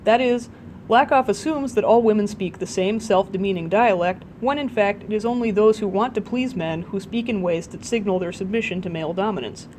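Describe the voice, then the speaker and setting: Woman narrator for a nonfiction audiobook, mid-pitched, measured delivery, faint low rumble behind. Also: a little mellow, low-quality recording. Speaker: audiobook reader.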